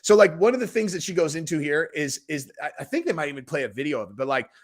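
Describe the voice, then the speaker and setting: A man hosting a casual reaction show, talking in a rambling, animated way and saying "dude" often. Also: on the high side, quick pace. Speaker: host reacting to a video.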